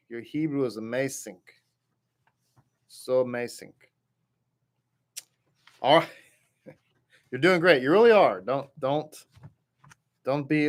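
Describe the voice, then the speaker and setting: A man's voice: mid-range voice, a bit bright. A man teaching a Hebrew reading class, patiently reading each word and repeating it. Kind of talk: slow word-by-word reading lesson.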